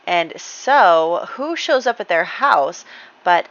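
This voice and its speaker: Low-voiced woman chatting through gameplay. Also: expressive, slow pace, a bit bright, lo-fi sound. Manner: chatty and rambling, many ums, light laughs. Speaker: gaming channel host. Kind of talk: casual gameplay commentary.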